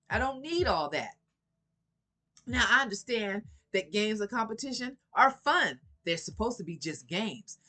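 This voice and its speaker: A woman's voice: mid-range voice, sharp tone. A woman giving a casual motivational talk to her viewers, sassy and preachy, laughing often and swearing freely. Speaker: vlogger.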